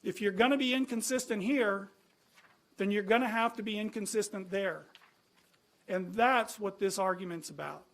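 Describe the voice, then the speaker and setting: High-voiced man arguing at a public hearing. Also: normal speed, fairly bright tone. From California. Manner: earnest, argumentative, with many restarts and rhetorical questions. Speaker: citizen speaking at a planning commission. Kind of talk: public comment with slides.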